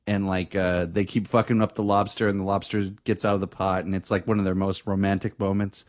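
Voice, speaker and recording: A man casually telling a funny story on a podcast, jumping high when he imitates someone. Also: brisk. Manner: animated, shrieks when mimicking his girlfriend. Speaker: podcast co-host.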